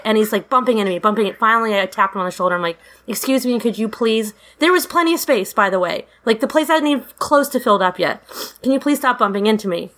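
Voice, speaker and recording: A middle-aged woman casually telling a profane, animated story about a fight at a concert. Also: mid-range voice. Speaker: guest storyteller.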